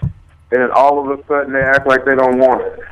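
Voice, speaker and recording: A man's voice: medium pitch, flat delivery, a little fast, lo-fi sound. A man co-hosting a casual podcast chat, talking in a brash, profane, emphatic way. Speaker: podcast co-host.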